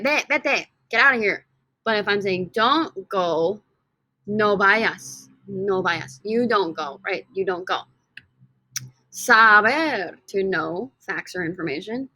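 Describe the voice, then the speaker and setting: A woman's voice: mid-range voice, bright, forceful tone. A woman teaching a recorded Spanish lesson in English, upbeat and chatty, repeating key phrases and addressing students as guys.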